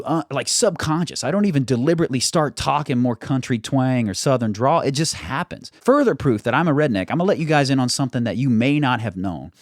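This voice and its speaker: A young American YouTube host talks in a casual vlog monologue, chatty and self-deprecating, from his home studio. He has a medium-pitched voice, a mild general American accent with little regional trace, and no echo in the audio.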